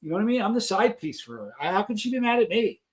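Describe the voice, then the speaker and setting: A man's voice: high voice, sing-song, quick pace. A man hosting a live stream, chatting casually and reading out viewer comments in a rambling, friendly way.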